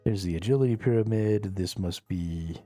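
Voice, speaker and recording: A low-voiced man chatting casually while he plays on a live stream, joking and wry. His tone is mellow, the sound is dry and close, and soft music plays underneath. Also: moderate pace, no room sound. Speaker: game streamer.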